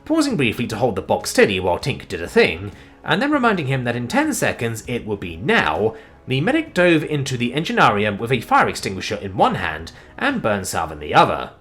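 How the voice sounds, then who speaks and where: Lively male story narrator. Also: fairly quick, soft background music. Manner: animated and expressive, with sudden swings in pitch and loudness.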